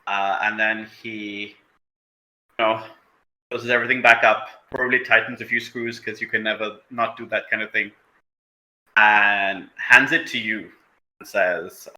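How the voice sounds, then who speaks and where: A man's voice: on the low side, fairly even intonation, measured pace, long pauses, pushed and bright, roomy sound, rough recording. A man playing a tabletop role-playing game, describing his character's actions and speaking its lines with many fillers. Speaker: player.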